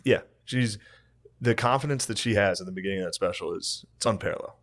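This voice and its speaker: A man's voice: fairly low pitch, quick pace, fairly bright tone. A man co-hosting a podcast, trading crude jokes in casual banter and slipping into mocking voices. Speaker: podcast co-host.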